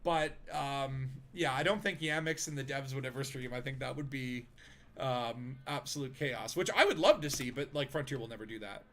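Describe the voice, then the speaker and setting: A man's voice: mid-range voice, moderate pace, a bit bright. A man streaming a video game, chatting casually with friends, rambling with fillers and laughing easily. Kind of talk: casual gaming chat.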